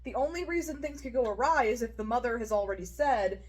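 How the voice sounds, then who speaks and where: A woman co-hosting a podcast, chatting casually, animated and quick to laugh. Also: on the high side. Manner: animated, laughs often, thinks out loud. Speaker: podcast co-host. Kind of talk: casual chat.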